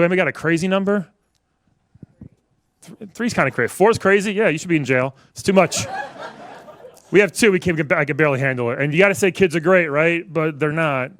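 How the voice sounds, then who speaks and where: A man's voice: fairly high pitch, fairly bright tone. A man in his forties from New York doing a stand-up set, wry and conversational, riffing with the crowd. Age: 40s. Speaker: stand-up comedian. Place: comedy club stage with a live audience.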